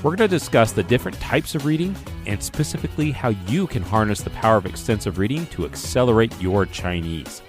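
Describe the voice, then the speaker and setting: A man's voice: on the low side, lively intonation, a little fast, hardly any pauses, music in the background. An American man hosting a language-learning podcast in a casual, playful way, joking through his intro and reading listener reviews. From United States. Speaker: podcast host.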